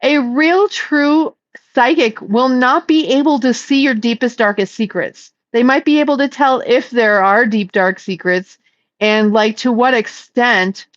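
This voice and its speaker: A woman speaking as a psychic in a casual, meandering spiritual talk, earnest and stretching some words out slowly. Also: a little high, no echo, highs cut off. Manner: meandering and earnest, with slow drawn-out emphases. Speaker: psychic channeling messages.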